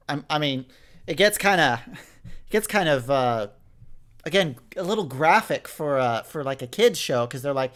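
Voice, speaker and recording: A man's voice: medium pitch, expressive, normal speed, a bit bright. A young man co-hosting a podcast, rambling through a story recap with lots of restarts. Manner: rambling, frequent restarts and fillers. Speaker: podcast co-host. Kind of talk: casual chat reviewing an audio drama.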